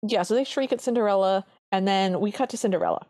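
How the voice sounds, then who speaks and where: A woman's voice: medium pitch, fast, a little mellow, no room sound, studio quality. A woman co-hosting a podcast, chatting earnestly as she reviews an old cartoon. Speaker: podcast co-host. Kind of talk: casual chat reviewing a cartoon.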